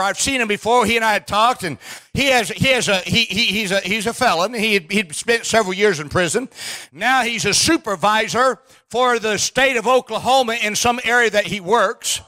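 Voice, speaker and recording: High-pitched, bright-voiced preaching man. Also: moderate pace. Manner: emphatic preaching with frequent restarts, bursts of shouting. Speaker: pastor. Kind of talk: sermon. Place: church sanctuary.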